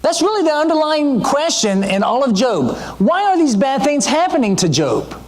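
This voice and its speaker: Animated preacher man, lively pitch. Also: normal speed. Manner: conversational, asks the audience questions; animated teaching delivery with frequent asides. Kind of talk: sermon.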